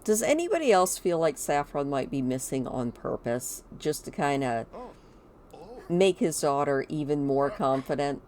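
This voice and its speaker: A woman giving casual gameplay commentary, chatty and animated, talking to the characters on screen. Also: deep voice, moderate pace, slight background noise.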